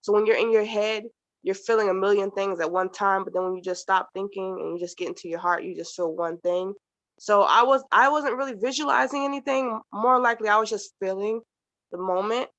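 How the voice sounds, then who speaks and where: A woman in a casual group chat, speaking thoughtfully and hesitantly, with many pauses. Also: medium pitch, a bit bright, no room sound, dull audio. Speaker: participant.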